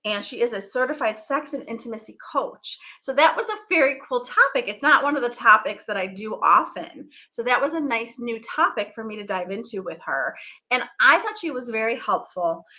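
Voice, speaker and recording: Casting: bright, higher-pitched woman, middle-aged host, rambly and chatty. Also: animated. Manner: chatty, rambling, quick to laugh. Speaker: podcast host. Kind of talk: casual live chat.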